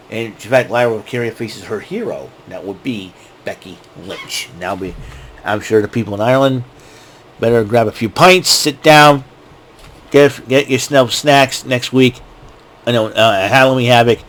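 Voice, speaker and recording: A man hosting a casual wrestling recap, rambling and excitable, often restarting his sentences. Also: mid-range voice, moderate pace, slight background noise. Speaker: show host.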